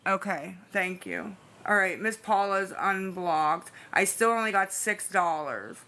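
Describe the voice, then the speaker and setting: A woman's voice: medium pitch, unhurried, pushed and bright. A tired woman chatting to her live-stream audience, anxious and pleading, rambling with restarts. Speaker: livestreamer talking to chat. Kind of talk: casual live-stream chat.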